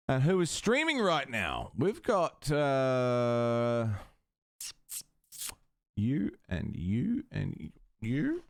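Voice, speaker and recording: Lively Australian man streaming. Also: medium pitch, extremely slow, creaky, pauses often. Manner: animated, joking, sweary. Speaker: live streamer. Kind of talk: casual live stream chat.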